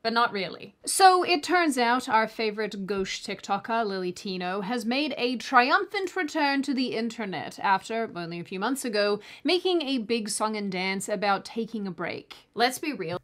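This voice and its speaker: A woman commentator delivering scripted commentary, sarcastic, with quick mock-apologetic asides. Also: on the high side, animated, fairly bright tone. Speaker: online commentator.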